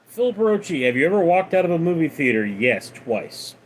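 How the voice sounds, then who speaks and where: A man hosting a casual livestream, reading viewer questions aloud and answering them in a deadpan way. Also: a little high, brisk, a little hiss or hum. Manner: deadpan, reads names then answers. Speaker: livestream host.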